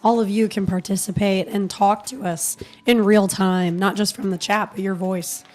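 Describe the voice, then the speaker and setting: A woman co-hosting a casual talk show, her voice hoarse, chiming in cheerfully. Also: medium pitch, steady tone, normal speed, a little mellow. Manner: brief cheerful interjections. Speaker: co-host. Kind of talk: casual chat.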